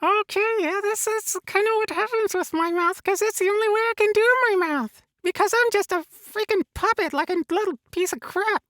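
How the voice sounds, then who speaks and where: Elmo, a squeaky foul-mouthed puppet. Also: male voice, a little fast, few pauses, pushed and bright, dry recording. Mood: cheeky. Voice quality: high squeaky falsetto. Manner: speaks of himself in the third person, crude insults. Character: small furry red monster puppet, childlike yet foul-mouthed. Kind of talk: comedic puppet impression in a tutorial.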